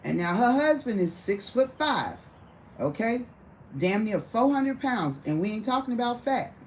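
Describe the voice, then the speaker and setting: A woman's voice: on the high side, very animated, unhurried, slight background noise, low-quality recording. A woman telling a rowdy, profane story in casual conversation, often breaking into laughter. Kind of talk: casual storytelling to a small audience.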